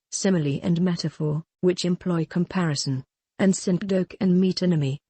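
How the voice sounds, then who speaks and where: A teacher talks through a recorded lecture, reading each definition aloud and then explaining it again in simpler words. The voice is husky and slightly breathy. The sound is dry and close. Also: medium pitch, mellow, dry recording. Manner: reads definitions, then restates them in plain words. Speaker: literature teacher.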